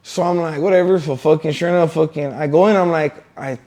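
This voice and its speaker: A man's voice: on the high side, fairly even intonation, a little fast, dark tone. A man telling a story as an interview guest, rambling and swearing with many fillers. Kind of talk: casual storytelling.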